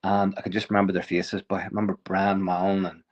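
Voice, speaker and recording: A man, a podcast guest telling a lively story, often chuckling and restarting sentences. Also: deep voice, fast talker, lo-fi sound. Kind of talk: casual storytelling.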